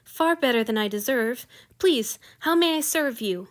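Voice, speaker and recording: A woman's voice: lively intonation, a little slow. Woman voicing a pleading, tearful young male sacrifice. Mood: eager meek. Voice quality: pleading, breathless, high-pitched. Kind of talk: audiobook fan fiction reading.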